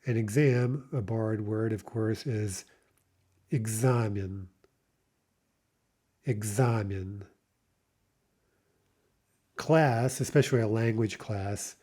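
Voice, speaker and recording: Slow-paced, mellow-voiced male language teacher. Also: fairly low pitch. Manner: says each word slowly then repeats it; patient, explanatory asides. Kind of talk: slow vocabulary lesson.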